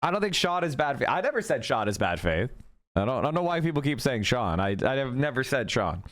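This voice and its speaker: A man's voice: mid-range voice, big pitch swings, a bit bright. A man hosting a political livestream, talking casually and argumentatively while reacting to clips and chat. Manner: argumentative, fast-shifting, repeats points. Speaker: political streamer.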